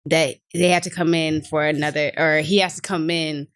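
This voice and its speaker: A woman's voice: low voice, little pitch movement, moderate pace, clear, resonant tone. A woman joining a casual podcast chat, speaking hesitantly with many ums and likes. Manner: hesitant, lots of "um" and "like".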